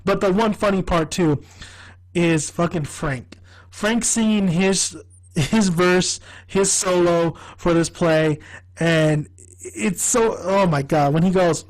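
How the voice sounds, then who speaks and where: A man giving a casual, rambling fan review of a TV comedy. He gets excitable, laughs often and swears freely. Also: sits high, slow pace, rough recording. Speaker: TV show reviewer.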